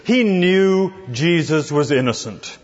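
A man's voice: fairly high pitch, lively intonation, slow. A man preaching an expository sermon, talking conversationally and putting rhetorical questions to his listeners. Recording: dull recording in a reverberant hall.

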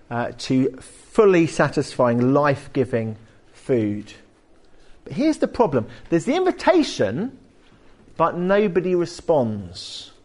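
A male preacher, his voice sitting a little high and swinging widely as he talks. He preaches in a conversational, animated way, breaking off into homely asides. The sermon is delivered in a church hall. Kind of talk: sermon with anecdotes.

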